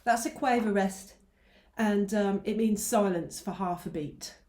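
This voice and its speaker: A woman's voice: medium pitch, unhurried, darkish tone. Patient woman teaching ukulele. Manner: patient, counts beats aloud while strumming. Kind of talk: online music lesson. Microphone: mic close by, teacher moves nearer. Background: ukulele strumming.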